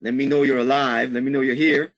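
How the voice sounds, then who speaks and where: Gravelly man who keeps saying "okay?". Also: medium pitch, flat delivery, a little fast, highs cut off. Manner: upbeat, says "okay?" after nearly every phrase. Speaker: online marketing instructor. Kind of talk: live webinar presentation.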